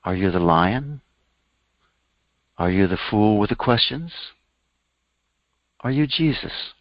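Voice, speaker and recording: A man, a spiritual teacher, takes his time telling a parable during a sermon, animatedly raising his pitch for the characters' lines. It's a dry recording with the highs cut off.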